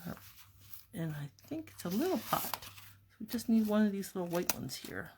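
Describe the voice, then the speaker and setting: A woman calmly narrating a card-making tutorial step by step, talking herself through each task as she works at her craft table. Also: medium pitch, moderate pace, background noise. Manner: calm, step-by-step, talks to herself while working. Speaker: papercraft demonstrator.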